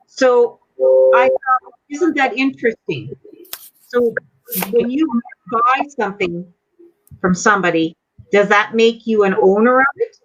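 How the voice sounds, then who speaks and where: A woman's voice: a little high, a little slow, pauses often. Woman, from Canada, angry, accusing, rhetorical questions, dull lo-fi audio. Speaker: member addressing a group meeting. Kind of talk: heated speech to a meeting.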